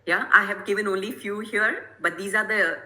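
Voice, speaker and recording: Bright-voiced woman giving an online lecture. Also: mid-range voice, steady tone, normal speed, slight background noise, low-quality recording. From Kerala, India. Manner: explanatory, checks in with listeners. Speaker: guest presenter.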